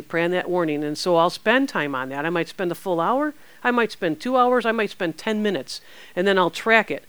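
A woman preacher giving an informal, animated teaching and answering questions, with playful sound effects. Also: lowish voice, dry recording.

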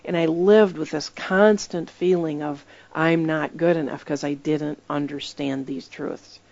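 A woman's voice: sits low, steady tone, unhurried, a little mellow, dry recording, highs cut off. A woman preaching in a conversational sermon style, telling stories emphatically and acting out the voices she quotes.

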